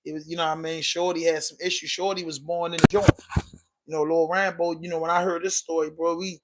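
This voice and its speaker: A man's voice: on the high side, flat delivery, fast, very noisy. A man with a Baltimore accent hosting a casual livestream podcast, talking loosely in slang while answering viewer comments. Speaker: podcast host.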